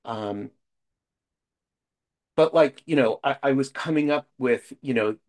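A man's voice: medium pitch, slow, darkish tone. A middle-aged man speaks frankly at a support meeting in a conversational way, full of fillers and asides. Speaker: speaker sharing at a recovery meeting. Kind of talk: personal share at a support meeting.

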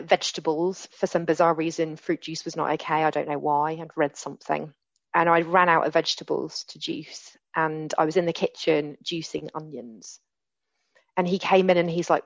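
Giving personal testimony about her recovery, a woman in her forties is earnest and candid, frequently starting her sentences over. She has a lowish voice, and the muffled recording has no echo.

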